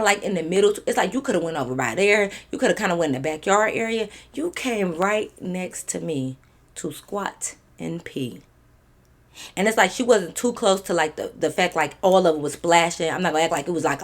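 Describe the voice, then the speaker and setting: Animated young woman telling a storytime. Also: fairly low pitch, a little fast. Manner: animated, profane, conversational with many fillers. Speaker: storytime vlogger. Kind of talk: casual storytelling.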